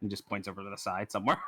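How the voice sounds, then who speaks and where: A man's voice: fairly low pitch, bright, forceful tone, no room sound. A man playing in a casual tabletop role-play session, rambling playfully and laughing often. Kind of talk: casual in-character game chat.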